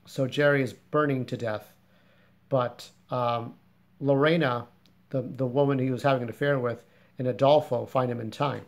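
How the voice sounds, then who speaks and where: A man talks through the plot of a story he wrote, keeping it loose and conversational. His pitch sits in an ordinary middle range for a man. He wanders a little and doubles back without any polish. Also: steady tone, moderate pace, creaky. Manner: rambling, informal, plain-spoken retelling. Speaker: fiction writer summarizing his story. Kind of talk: casual spoken story summary.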